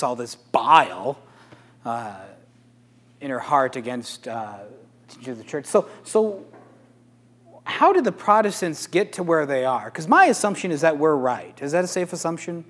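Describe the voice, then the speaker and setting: A man, a Catholic priest, giving a casual, animated talk to a live audience, asking rhetorical questions. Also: medium pitch, unhurried. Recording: echoey hall.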